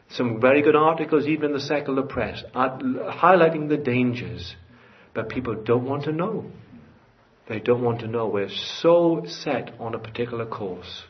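A man preaching a sermon in a church, earnest and building to fervent emphasis. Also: mid-range voice. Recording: dull lo-fi church recording.

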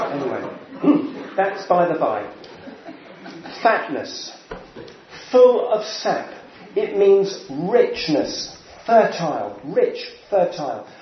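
Preacher guy, slightly high voice, slow w lots of pauses n throat clearing, booming echo, kinda muffled. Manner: unhurried, pausing, often clears throat. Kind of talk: sermon. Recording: very echoey, dull church sound with faint hiss.

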